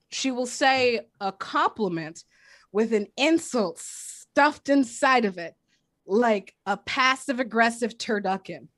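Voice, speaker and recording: A young woman from East Oakland doing a stand-up set over a video call, with a crisp announcer-like voice and deadpan delivery. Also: high-pitched, dry recording, studio quality. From East Oakland, California. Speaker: stand-up comedian.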